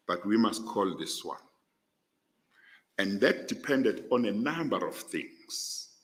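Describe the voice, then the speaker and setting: Deep-voiced slow South African man. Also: a bit bright, rough recording. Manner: measured, pausing often with hesitations. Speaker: interview candidate. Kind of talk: formal panel interview.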